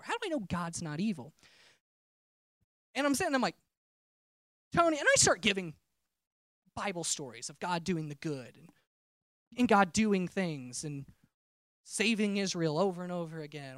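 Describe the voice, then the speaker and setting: Male preacher sharing a testimony, animated and chatty, dry close sound. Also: high voice, dry recording. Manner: conversational storytelling, self-interrupting. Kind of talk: personal testimony sermon.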